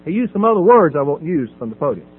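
A middle-aged man at a podium in a meeting hall tells his recovery story, his fairly high voice swinging broadly in pitch as he talks fast. He uses humor, laughs at himself, and acts out the voices of people in dialogue. The recording sounds tinny and phone-like, with mains hum.

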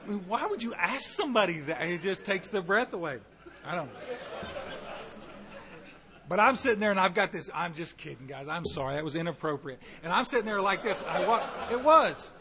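A middle-aged man, giving a folksy personal testimony to a recovery meeting, with asides to the audience and bursts of animated volume. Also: high-pitched, brisk, a crowd in the background. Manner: shifts between quiet and loud animated bursts.

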